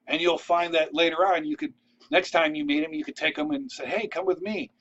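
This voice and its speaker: A man's voice: on the high side, little pitch movement, fairly quick, fairly bright tone, lo-fi sound. A man giving casual, rambling advice to camera. He keeps checking in with "all right?" and drifts into asides and restarts. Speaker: vlogger giving networking tips.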